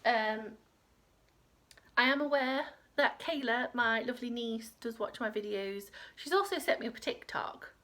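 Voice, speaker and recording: A woman's voice: fairly high pitch, unhurried, pushed and bright. A woman hosting a crochet podcast from home, rambling in casual chat with lots of fillers. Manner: rambling, chatty, with many fillers.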